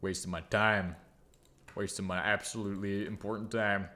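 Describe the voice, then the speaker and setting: With a fairly low, steady, sharp-toned voice at a normal speed, a man who makes gaming videos jokes his way through a build. He mutters and hums to himself and is quick to make fun of himself.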